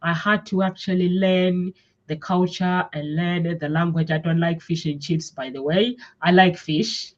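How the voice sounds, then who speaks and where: A woman's voice: on the low side, fairly even intonation, a little slow, muffled recording. A woman from Africa, with English not her first language, hosting a casual chat, restarting often and laughing easily. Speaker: host.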